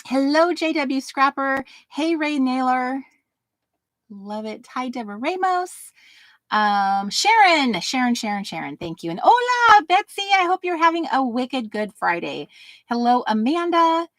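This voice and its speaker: A woman's voice: sits high, sing-song, unhurried, a bit bright, no echo. A woman hosting a casual live stream, bubbly and giggly as she greets viewers one by one by name.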